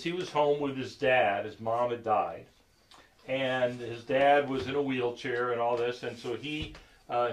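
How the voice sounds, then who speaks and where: A man telling a story to a group in a halting, conversational way, full of fillers, acting out the quoted lines. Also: mid-range voice, rough recording. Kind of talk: casual spoken storytelling.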